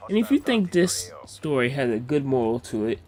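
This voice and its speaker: A man casually telling a personal story to his viewers, full of slang and jumping high in pitch when he gets excited. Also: moderate pace. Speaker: storytime vlogger.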